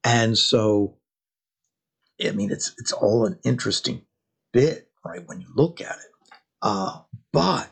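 A man's voice: medium pitch, very animated, slow, vocal fry, pauses often, slightly rough. A man giving a history lecture, telling it like a story with rhetorical questions and dramatic emphasis.

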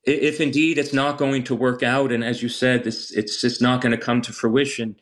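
Gentle male priest on a radio show. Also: mid-range voice, little pitch movement, normal speed. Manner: gentle, careful, reassuring. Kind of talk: call-in radio conversation.

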